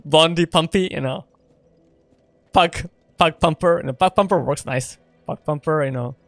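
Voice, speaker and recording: A man's voice: a little high, moderate pace, fairly bright tone, no room sound, soft background music. A man streaming a video game in casual chat, playful and laughing often as he talks with his viewers. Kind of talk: casual live gameplay chat.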